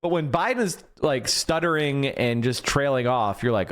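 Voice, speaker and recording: A man's voice: medium pitch, lively intonation, moderate pace, slight background noise. A man giving casual commentary, mocking and slipping into impressions.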